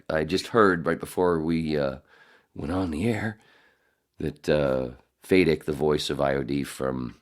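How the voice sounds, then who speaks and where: A middle-aged man hosting a podcast in casual chat, rambling and swearing, often laughing. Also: extremely low pitch. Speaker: podcast host.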